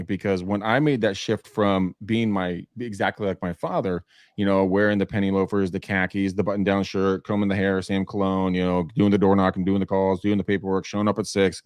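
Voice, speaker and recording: A man hosting a casual podcast, telling stories with lively acted-out quotes and casual swearing. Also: low voice, no echo, clean studio sound. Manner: animated storytelling, acts out quoted voices, casual swearing. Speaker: podcast host, real estate agent.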